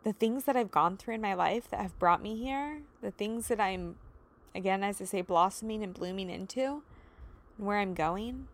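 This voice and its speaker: A woman's voice: medium pitch, moderate pace. A woman in her thirties hosting a solo podcast, talking in an emotional, earnest, encouraging way with many "you know"s and "like"s. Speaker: podcast host and life coach. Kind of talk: heartfelt solo podcast talk.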